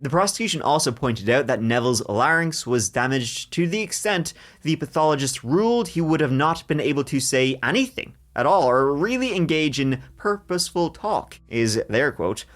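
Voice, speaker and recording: Lively man narrating true crime. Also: mid-range voice. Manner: lively storytelling with jokes. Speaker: podcast host.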